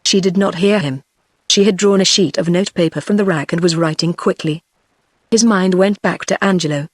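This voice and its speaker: A text-to-speech voice reading a novel aloud as narrator, in an even, machine-read delivery. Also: medium pitch, fairly quick, no echo, clean studio sound. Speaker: audiobook narrator.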